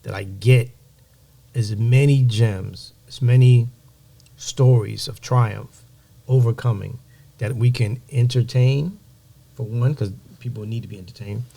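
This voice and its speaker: A man as a podcast guest, telling animated stories and giving emphatic motivational advice. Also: medium pitch, measured pace, vocal fry, breathy edge. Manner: animated storyteller, acts out quoted voices. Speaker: guest, music executive. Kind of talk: storytelling in a podcast interview.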